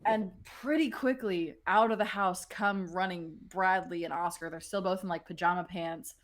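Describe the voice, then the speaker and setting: A woman's voice: on the low side, steady tone, moderate pace. A woman narrating a tabletop game as game master, playful and rambling, often breaking into laughs.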